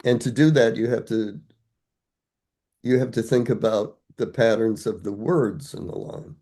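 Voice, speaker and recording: A man's voice: lowish voice, fairly even intonation, unhurried, dark tone. An older man, a guest scholar, explaining ideas step by step in a thoughtful, conversational academic way, asking himself rhetorical questions.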